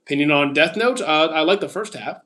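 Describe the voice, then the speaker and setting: A man's voice: fairly high pitch, expressive, fairly quick, bright, forceful tone. A man in his thirties from Canada, casually reading out viewer questions on a livestream and answering them briefly, with frequent "uh"s. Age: 30s. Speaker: streamer answering chat.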